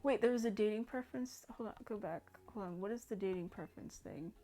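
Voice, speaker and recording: A woman's voice: medium pitch, quick pace, dark tone, faint music behind. A young woman hosting a gaming channel, chatting casually over gameplay, rambling with many fillers and restarts.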